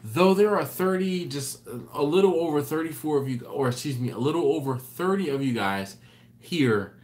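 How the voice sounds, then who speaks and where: A man's voice: a little high, expressive, moderate pace, darkish tone. A man hosting a late-night live stream. He reads out viewer comments in a rambling, tired way, often correcting himself and apologizing. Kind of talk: casual live chat reading viewer comments.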